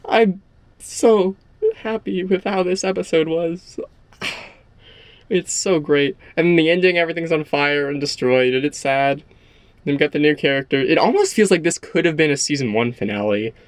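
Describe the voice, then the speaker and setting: A young man talking excitedly and rambling about a show he loves, repeating how good it is. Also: on the high side, brisk, clean tone, no room sound. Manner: gushing, rambling, repeats himself. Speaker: show reviewer. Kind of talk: excited casual episode discussion.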